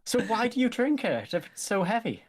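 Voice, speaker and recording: Man, talk-show guest, jokey, very lively pitch. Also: normal speed, slightly rough. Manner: animated, jokey, laughs a lot. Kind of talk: casual comedy chat.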